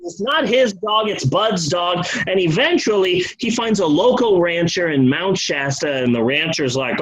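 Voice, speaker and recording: A man's voice: high-pitched, animated, normal speed, few pauses, a bit bright, low-quality recording. A man hosting a podcast, telling a true story with comedy, profanity and joking asides. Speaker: podcast host.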